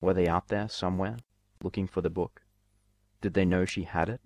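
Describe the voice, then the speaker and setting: A man narrating a fanfiction story in an expressive reading voice. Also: sits low, moderate pace. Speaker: fanfiction reader.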